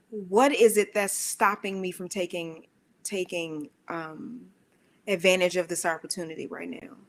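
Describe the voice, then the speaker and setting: A woman giving a spiritual motivational talk in a conversational, emphatic way, with rhetorical questions and playful voices for her own inner thoughts. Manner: animated, acts out her own inner voices with squeaky high bits. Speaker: speaker of a worship center.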